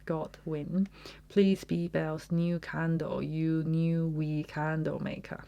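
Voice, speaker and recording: A woman's voice: on the low side, darkish tone, highs cut off. A woman doing a wide-eyed, childlike young woman. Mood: delighted. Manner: slow, careful, deliberate syllables.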